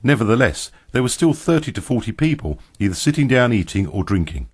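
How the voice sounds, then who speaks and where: A man narrating an audiobook in a steady, even reading. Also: medium pitch, a little fast, breathy edge.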